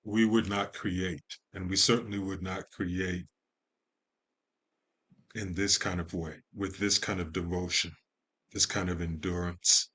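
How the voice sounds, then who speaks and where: Slow, deep-voiced man speaking poetically. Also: flat delivery, pushed and bright, slightly rough. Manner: measured, poetic, lingering on lists of words. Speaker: podcast guest. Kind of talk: slow reflective conversation.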